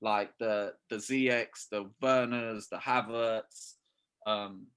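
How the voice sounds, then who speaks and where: A man's voice: lowish voice, fairly even intonation, takes it slowly, a bit bright, clear, resonant tone. A young man, talking football in a casual podcast chat, full of slang and swearing. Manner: slangy, swearing, keeps saying "bruv". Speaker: podcast co-host.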